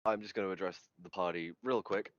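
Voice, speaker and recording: A man's voice: low-pitched, fairly even intonation, brisk, no room sound. A man playing a tabletop game, reasoning aloud and questioning the game master over dull, lo-fi call audio. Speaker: player. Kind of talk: tabletop role-play chat.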